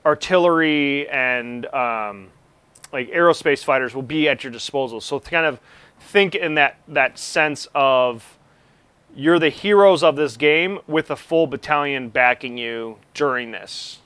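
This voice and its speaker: A man's voice: medium pitch, measured pace, sharp tone, clean tone, dry recording. A man running a tabletop game as game master, narrating in a rambling way with lots of fillers.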